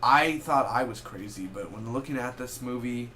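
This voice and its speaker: A man's voice: medium pitch, slight background noise. Rambling young man reviewing a movie. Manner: rambling, self-correcting, animated with quick asides. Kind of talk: casual spoken film review.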